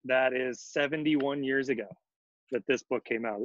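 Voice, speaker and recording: A man's voice: mid-range voice, fairly even intonation, moderate pace, dry recording, muffled recording. A man co-hosting a children's reading, chatting easily and reading a storybook aloud. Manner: easygoing, chatty. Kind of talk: storybook read-aloud and chat.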